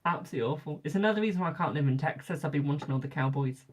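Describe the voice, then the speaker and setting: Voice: mid-range voice, very fast. A young adult tarot reader from Britain chatting casually with live viewers, rambling and repeating phrases for emphasis.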